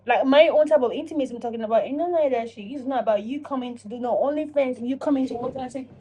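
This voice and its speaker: A woman talking casually to camera in a self-reflection vlog, animated and profane, acting out her own inner dialogue. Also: sits high, fast talker, a little hiss or hum. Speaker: vlogger.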